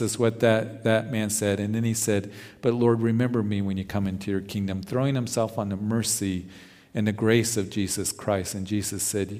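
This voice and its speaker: A man's voice: mid-range voice, unhurried, darkish tone, big-room sound. A male pastor preaching verse by verse, earnest and repeating words when he presses a point. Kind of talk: verse-by-verse sermon.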